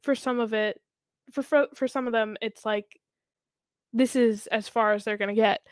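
A woman's voice: on the high side, fairly even intonation, moderate pace, dry recording. A young woman co-hosting a casual podcast chat who laughs often, leans on "like" and restarts her sentences. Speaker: podcast co-host.

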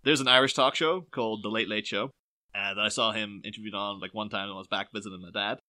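Brief: young male podcast co-host, bright timbre, chatty and rambling. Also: fairly low pitch, fast. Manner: animated, rambling with many fillers and restarts. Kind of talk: casual film discussion.

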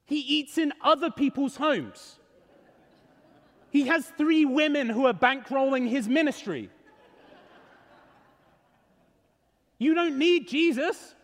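Man doing a mocking crowd telling someone to shut up, high pitched, echoey hall. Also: unhurried, fairly bright tone, heavily acted. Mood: scornful. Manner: scolding, mocking. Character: scornful crowd of men rebuking a beggar.

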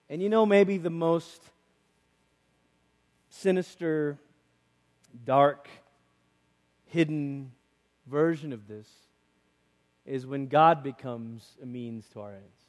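A man preaching a conversational sermon as a pastor, lively and acting out quoted voices, in a church. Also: high-pitched, a little slow, pauses often, big-room sound. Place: church sanctuary.

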